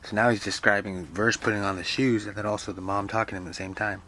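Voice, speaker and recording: Man, low voice, casual, profane asides, explaining a novel, faint hiss. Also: fairly even intonation, quick pace, sharp tone. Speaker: reader and explainer. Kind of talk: casual literature lecture with reading aloud.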